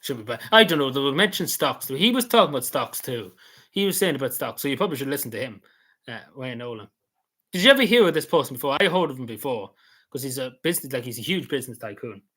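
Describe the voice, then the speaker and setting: A man's voice: mid-range voice, big pitch swings, quick pace, sharp tone. A man, casually recapping an event he attended, rambling and repeating himself with many fillers. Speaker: vlogger.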